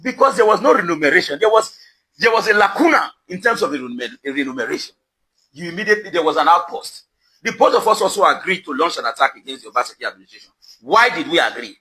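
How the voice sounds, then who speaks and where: A low-quality clip shows a Nigerian man, a social media commentator, in his house compound delivering an emphatic, accusatory rant to the camera and asking the same questions repeatedly. He talks fast in a fairly high, bright, forceful voice full of lively intonation.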